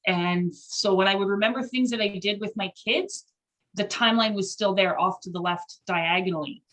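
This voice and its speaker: A woman's voice: mid-range voice, moderate pace, fairly bright tone, poor audio. A middle-aged woman student on a video call, sharing her experience in a reflective, chatty way.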